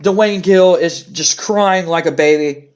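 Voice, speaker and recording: A man hosting a let's play of a wrestling sim, narrating with excitable, stammering disbelief. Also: fairly high pitch, slow.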